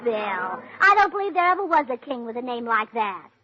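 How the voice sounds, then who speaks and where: A woman co-hosting a 1940s radio comedy, scatterbrained, bubbly and excitable. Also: on the high side, moderate pace. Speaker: comedy show co-host. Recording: muffled old radio transcription with hiss.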